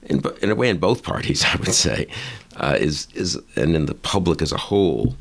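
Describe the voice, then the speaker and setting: A man's voice: very deep voice, lively intonation, a little fast, gravelly. A man hosting an interview, musing in a rambling way with restarts and asides. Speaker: interview host. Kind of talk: casual conversation.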